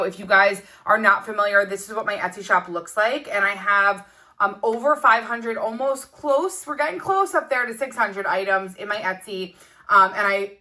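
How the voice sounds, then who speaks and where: A woman's voice: mid-range voice, bright, forceful tone. A young woman chatting casually to her viewers in a rambling planning tutorial, full of asides and fillers. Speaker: digital planning content creator.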